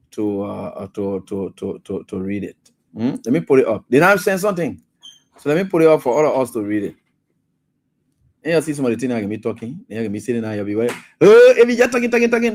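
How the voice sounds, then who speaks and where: A man with a Liberian English accent hosting a radio talk show. He reads a government statement aloud and comments on it in a mocking, animated way. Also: mid-range voice. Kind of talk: live call-in commentary.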